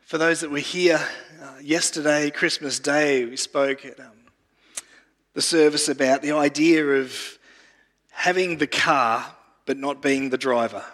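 A man's voice: a little high, steady tone, unhurried, a bit bright. A male pastor giving an earnest sermon who often repeats words while he gathers his thoughts. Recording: long reverb of a large room.

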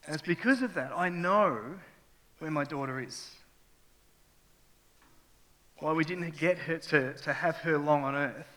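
A middle-aged man preaches from a church stage, his slightly high voice swelling from quiet reflection into raw, impassioned testimony. His words ring out with a long, spacious reverb from the hall around him. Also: moderate pace. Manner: raw, emotional testimony with rising intensity. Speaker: pastor. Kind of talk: sermon.

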